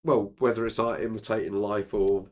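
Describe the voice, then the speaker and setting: A man's voice: fairly low pitch, flat delivery, normal speed. A man co-hosting a casual chat, rambling and piling on filler phrases. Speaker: co-host.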